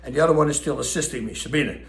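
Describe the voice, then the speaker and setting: A middle-aged man with a Dutch accent telling a story casually and animatedly, acting out what people said. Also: racing. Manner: animated, acts out quotes with raised pitch. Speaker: storyteller host. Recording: echoey room.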